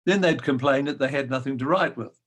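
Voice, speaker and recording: An older man reminiscing about his teaching days in a gentle, wry storytelling manner with frequent pauses. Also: mid-range voice. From New Zealand. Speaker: guest storyteller. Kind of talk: reminiscing anecdote.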